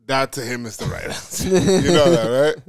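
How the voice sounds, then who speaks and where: A man's voice: medium pitch, dry recording. A man hosting, giving amused, teasing reaction commentary in casual chat. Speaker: host.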